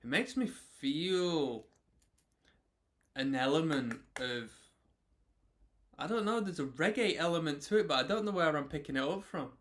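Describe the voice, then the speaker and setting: A man's voice: fairly high pitch, expressive, measured pace, long pauses, fairly bright tone. A man hosting an album reaction, chatting casually and talking over the track as it plays. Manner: chatty, talks over the music, sings along. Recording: music playing in the background.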